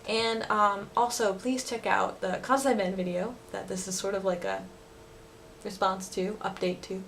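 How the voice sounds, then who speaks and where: A woman's voice: mid-range voice, fairly even intonation, moderate pace, a bit bright, a little hiss or hum. A young woman teaching words in a casual lesson, chatty, laughing often and using many fillers. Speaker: language teacher vlogger. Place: living in Osaka.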